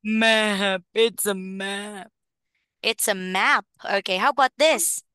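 A woman teaching a young child phonics in an online lesson, encouraging and clearly enunciated. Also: medium pitch, takes it slowly, pushed and bright, no room sound, studio quality. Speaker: English teacher.

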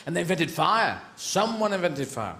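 A man's voice: sits high, very animated, normal speed, pushed and bright. A man doing stand-up comedy, rambling in a profane, mock-indignant way. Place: live comedy venue. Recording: echoey venue with crowd noise.

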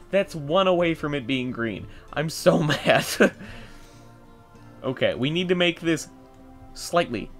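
Excitable man thinking aloud over gameplay. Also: medium pitch. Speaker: gameplay video host. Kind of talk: casual gameplay commentary.

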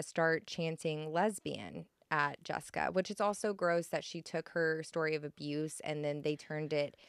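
Low-voiced woman recounting a story. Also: clean tone, no echo. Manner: animated retelling with quoted voices. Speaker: podcast co-host. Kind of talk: casual storytelling chat.

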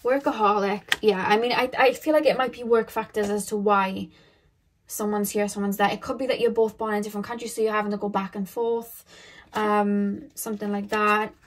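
A woman reading tarot cards for her viewers in a relaxed, chatty way. She rambles and thinks out loud, leaning on fillers as she goes. Her pitch sits at an ordinary middle height. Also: brisk, background noise. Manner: loose and rambling, thinking aloud with many fillers. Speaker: tarot card reader. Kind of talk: casual pick-a-card tarot reading.

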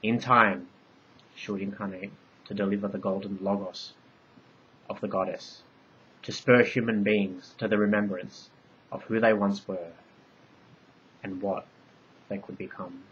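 A man reading his own story aloud in measured, ornate narration. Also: fairly low pitch, fairly even intonation, fairly bright tone, dull audio, a little hiss or hum.

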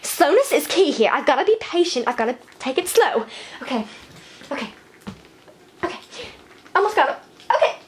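A woman's voice: high voice, big pitch swings, normal speed, long pauses. Woman voicing Paisley, a vain, ditzy doll. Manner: valley-girl chatter full of "like"; rambling and scatterbrained. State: breathless from talking fast. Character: vain, ditzy, fabulous female fashion doll. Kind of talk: hyper improvised doll vlog. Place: bedroom at night.

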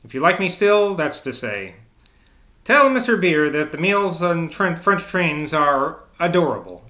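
A man's voice: a little high, very animated, measured pace, bright, forceful tone, exaggerated voice. A man voicing a bold, restless young woman's letter in a storybook reading, dramatic and impatient. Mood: impetuous.

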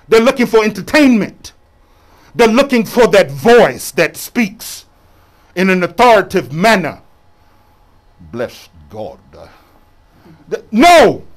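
A bishop preaching from the pulpit in a high, lively voice that swoops up and down. He talks in a loose, colloquial way and keeps drawing the congregation into call and response. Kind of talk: sermon.

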